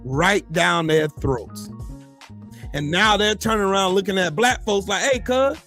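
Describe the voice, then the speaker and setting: A man's voice: high voice, unhurried, bright, forceful tone, faint music behind. Blunt, profane man ranting. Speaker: podcast co-host. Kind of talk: heated political commentary.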